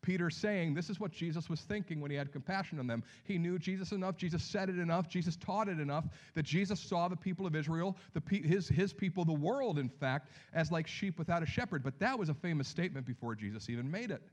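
A man preaching a sermon as pastor, telling the story with lively acted-out voices and dropping to hushed near-whispers for emphasis. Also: fairly high pitch, fast, few pauses.

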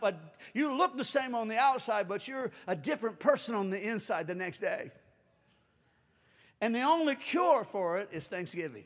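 A man preaching a sermon as pastor, animated, acting out quoted voices and rising to shouts. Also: very high voice. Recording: long hall reverb.

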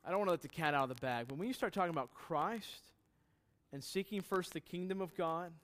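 Middle-aged man, pastor, easygoing sermon, slightly high voice, asks the room questions. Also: fairly quick, a bit bright. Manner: conversational, joking asides, quizzes the congregation. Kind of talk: sermon Bible teaching.

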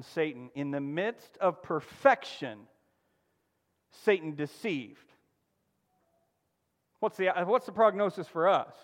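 A man preaching a sermon, emphatic and asking the congregation questions, swinging from loud exclamations down to a near-hush. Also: fairly high pitch, long reverb tail. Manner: emphatic, call-and-response preaching with sudden drops to a hush. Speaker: pastor.

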